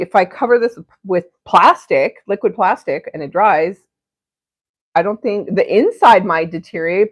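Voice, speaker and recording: A woman's voice: on the low side, no echo, muffled recording. A young woman hosting an art livestream, chatting casually and crudely while she paints, rambling and giggling between topics.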